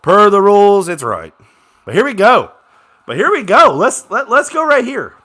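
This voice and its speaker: Excitable fan calling a game live. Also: male voice, sits high, normal speed, slightly rough. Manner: excitable, swings from grumbling to shouting with plays. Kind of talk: casual live game reaction commentary.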